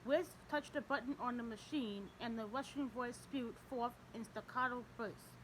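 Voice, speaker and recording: A woman narrating a crime novel in an even, descriptive way. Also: on the high side, normal speed, slight background noise, low-quality recording. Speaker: audiobook narrator.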